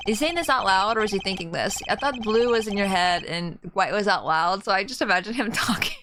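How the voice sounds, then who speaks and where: A woman's voice: mid-range voice, lively intonation, fairly quick, a bit bright, a little hiss or hum. A woman streamer giving chatty live commentary while playing a game, laughing and talking to her chat. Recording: game music behind voice.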